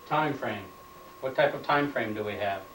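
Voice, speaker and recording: A man's voice: medium pitch, normal speed, far from the mic, very noisy. Man lecturing from across a roomy space. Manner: plain, repeats key points as questions. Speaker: instructor. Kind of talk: training lecture. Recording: roomy, off-mic room sound.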